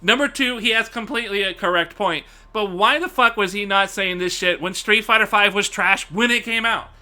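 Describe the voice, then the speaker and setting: A man streaming live, ranting casually to his chat in a profane, animated way and laughing often. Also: sits high, normal speed.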